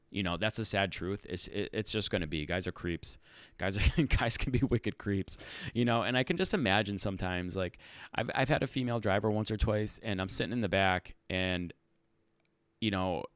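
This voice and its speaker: A man hosting a casual livestream Q&A for rideshare drivers, animated and talking in fits and restarts. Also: low voice, smooth, dry recording. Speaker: rideshare channel host answering live chat.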